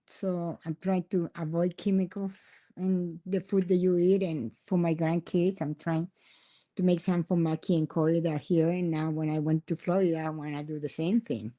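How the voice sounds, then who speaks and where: On a casual podcast, an older woman from Mexico tells stories in simple English, laughing often, with a warm, fairly low voice at a normal speed. Spanish is her first language, and she has a Mexican accent.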